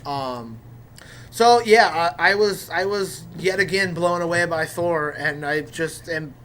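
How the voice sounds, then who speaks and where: A man hosting a casual chat about movies, animated and opinionated, swearing now and then. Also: fairly high pitch, takes it slowly, a little hiss or hum. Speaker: podcast host.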